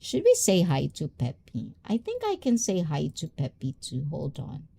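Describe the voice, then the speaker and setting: Excitable giggly Filipina streamer. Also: female voice, low voice, normal speed, gravelly, breathy edge. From Philippines. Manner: excitable, giggly, mixes languages freely. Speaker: livestream host. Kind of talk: casual livestream chat.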